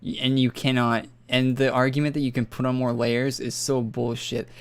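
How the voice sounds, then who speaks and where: A man's voice: medium pitch, level tone, normal speed, smooth. A young man from northern Alberta, rambling and swearing casually as he chats on a gaming stream. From northern Alberta, Canada. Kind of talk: casual live-stream chat. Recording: faint music behind.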